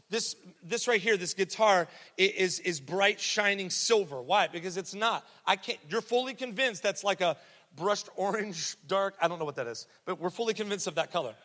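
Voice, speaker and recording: Male pastor, sermon delivery, punchy repetition and humor; voice a touch high, long church reverb. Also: bright, forceful tone. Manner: emphatic, repetitive, jokey. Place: church sanctuary.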